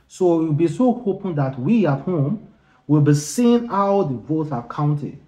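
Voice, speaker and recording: A man's voice: on the high side, big pitch swings, unhurried, dark tone. A man from Nigeria, hosting a casual news vlog in a chatty way. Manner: chatty, with frequent uh fillers. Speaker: YouTube news host.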